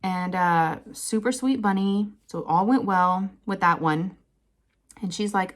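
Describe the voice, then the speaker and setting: Chatty woman telling a story. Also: measured pace. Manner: chatty, animated, laughs often, quotes people in higher voices. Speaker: crafting channel host. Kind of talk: casual storytelling chat.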